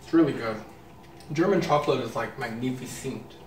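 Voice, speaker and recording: A man's voice: medium pitch, fairly quick. A man hosting a casual candy-tasting video, playful and easily delighted. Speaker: vlogger host. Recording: roomy echo, from a distance, faint noise.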